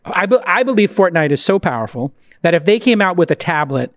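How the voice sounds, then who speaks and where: A man hosting a podcast, talking in an energetic, emphatic way with sudden jumps in pitch, reading an ad and chatting casually. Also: a little fast, no room sound, studio quality. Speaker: podcast host. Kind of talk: casual podcast chat and host-read ad.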